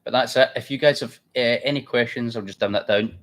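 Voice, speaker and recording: A man's voice: medium pitch, fairly quick. A man hosting a live trading stream, chatty and blunt, thinking aloud as he works. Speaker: trading livestream host. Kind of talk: casual live trading commentary.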